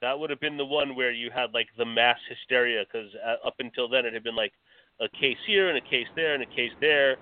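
A man in a casual movie chat, speaking in a relaxed way with lots of filler words. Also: medium pitch, a little fast, no room sound. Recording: tinny phone-like line, faint hiss.

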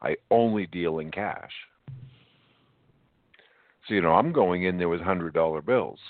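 Deep-voiced man on a dry phone line. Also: measured pace, dry recording. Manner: laid-back, chuckling, plain-spoken. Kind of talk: casual chat.

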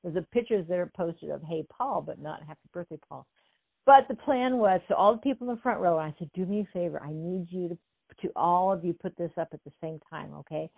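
Animated older woman on a tinny line. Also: on the low side, fairly quick, creaky, husky, no echo. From California. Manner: animated, acts out quotes, laughs often. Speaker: guest. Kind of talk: casual storytelling interview.

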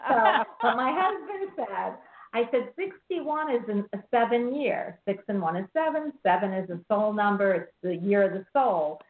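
A woman's voice: mid-range voice, animated, normal speed, crowd noise. Bubbly sixty-one-year-old woman hosting a call-in. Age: 60s. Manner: bubbly, talkative, laughs often. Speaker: radio show host. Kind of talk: chatty call-in show hosting. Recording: echoey, tinny phone-like sound with faint hiss.

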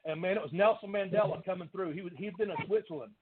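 A man telling animated wrestling stories in casual chat, laughing often. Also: high-pitched, fast. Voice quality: country accent. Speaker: guest, former pro wrestler. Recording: phone-like line with faint noise.

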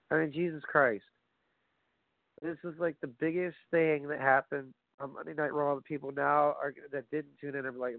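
Guy ranting about wrestling, swears a lot, gravelly voice, sounds like it's coming through a phone. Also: a little high, a little fast, dry recording. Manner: profane, ranting, animated asides. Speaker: wrestling commentary host. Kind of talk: casual opinionated wrestling talk. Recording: phone-like lo-fi audio, dry.

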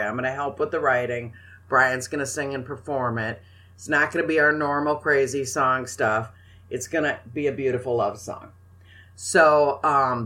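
Older lady cohost, bright forceful voice, bossy and teasing, chatty. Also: low-pitched. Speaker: podcast co-host. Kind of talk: casual chat.

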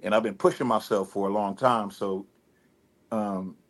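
Man, Detroit accent, relaxed, rambling, lots of fillers, interview guest. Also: on the low side, normal speed. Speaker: rapper guest. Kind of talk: casual interview talk.

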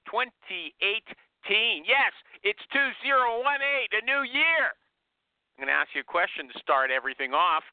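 A man's voice: high-pitched, clean tone, no room sound. A man hosting a talk radio show, speaking bluntly and jokingly in a casual monologue over a tinny phone line.

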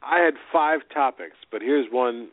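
A man co-hosting a podcast who tells rambling anecdotes full of restarts. His pitch sits right in the middle for a man. The line is dry and narrow, like a phone call. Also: a little slow, no room sound. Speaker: podcast co-host. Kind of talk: casual chat.

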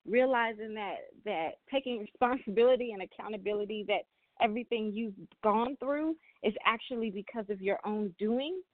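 A woman's voice: mid-range voice, no room sound. A woman hosting a spiritual talk, speaking earnestly and often repeating and restarting her phrases. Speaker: spiritual reader and host. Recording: tinny phone-like sound, dry.

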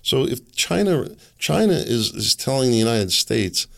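A man's voice: medium pitch, sing-song, unhurried, gravelly. A middle-aged man hosting an opinion monologue, ranting sarcastically and laughing scornfully at his targets. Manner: ranting, sarcastic, mocking asides. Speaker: political commentary host.

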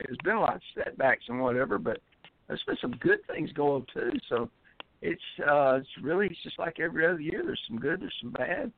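A man's voice: a little high, a little hiss or hum. Rambling upbeat man on a phone line. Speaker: poet and regular caller. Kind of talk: casual chat.

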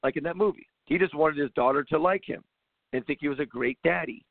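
His voice is on the high side and fairly quick as this basketball coach and show host rambles emphatically in a casual monologue, often restarting. The recording is dry and tinny, like a phone line.

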